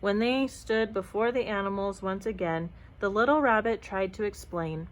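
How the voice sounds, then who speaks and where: A woman narrates a children's picture book aloud. Her reading is expressive and even-paced, with a mid-range voice. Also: medium pitch, moderate pace, few pauses, low-quality recording. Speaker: storyteller. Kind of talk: storybook read-aloud.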